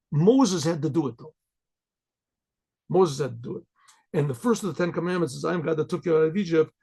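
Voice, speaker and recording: A rabbi leads an informal Torah lesson in a slightly high, husky voice with a gravelly edge. He speaks haltingly, repeating words and clearing his throat often. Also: a little mellow. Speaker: rabbi teaching a Torah class.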